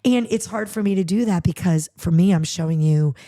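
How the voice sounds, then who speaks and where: A woman's voice: lowish voice, a little fast. A woman hosting a podcast, chatting casually and animatedly, acting out quotes as she tells stories. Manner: animated, storytelling with acted-out quotes. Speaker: podcast host; charity podcast co-host. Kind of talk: casual chat.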